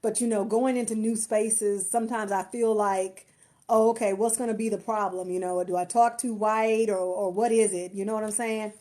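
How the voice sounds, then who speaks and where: A woman's voice: medium pitch, steady tone, moderate pace, mellow. A woman marketer and empowerment coach chatting to viewers on a phone live stream, effusive and grateful. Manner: effusive, grateful, lots of restarts and laughter. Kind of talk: casual live-stream chat.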